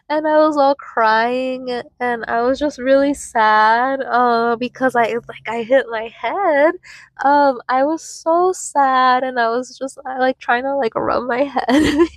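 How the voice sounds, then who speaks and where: Young adult woman vlogger, unhurried and meandering, a touch high-pitched, casual personal storytelling. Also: no echo. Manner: rambling, many filler words and restarts.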